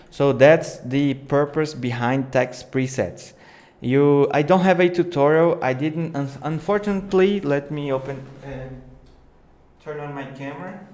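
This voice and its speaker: Slow-talking man teaching video editing. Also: medium pitch, a little mellow. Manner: unhurried, thinking aloud, non-native phrasing with small slips. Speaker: video editing tutorial host. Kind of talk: live screen-share tutorial.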